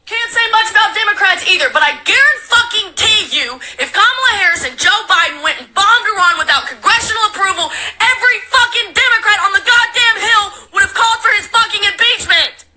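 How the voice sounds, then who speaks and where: A young woman from Alabama, ranting angrily and profanely into her phone, shouting at times, her voice breaking. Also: extremely high pitch, expressive, fairly quick, few pauses, rough recording. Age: young adult. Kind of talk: angry political rant to phone.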